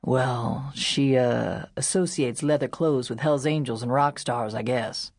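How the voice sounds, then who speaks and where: A cautious, proper young man who hedges and mumbles when challenged, as a woman narrator voices him. His low voice sounds close and dry. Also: measured pace, no room sound, full character voice. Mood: placating. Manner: hesitant, soft, apologetic.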